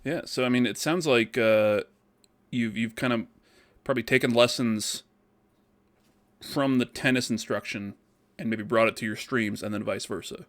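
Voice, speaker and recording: A man hosting a podcast, casual and jokey, quick to laugh while he chats with his guest. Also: mid-range voice, fairly bright tone. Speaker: podcast host. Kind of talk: casual interview chat.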